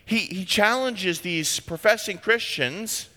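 A man's voice: sits high, slow, sharp tone, in a large hall. A man preaching a sermon as a pastor, talking in an emphatic, conversational way.

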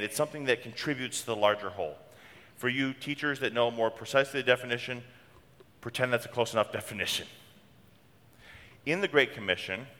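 This middle-aged pastor has a bright, forceful, mid-range voice. He preaches conversationally from the church sanctuary, weaving in homely stories, and the church hall adds a long reverb.

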